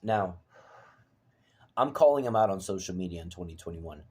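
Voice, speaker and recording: A man ranting to the camera, profane and heated, veering from low mutters to shouts. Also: animated, normal speed, slightly rough. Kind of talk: angry personal rant to camera.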